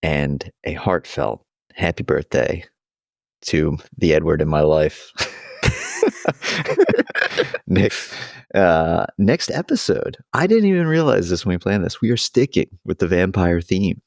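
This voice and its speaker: A man's voice: deep voice, wildly swooping pitch, slow, creaky, long pauses, dry recording, studio quality. A young man co-hosting a podcast in casual chat, laughing often as he retells scenes. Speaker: podcast co-host.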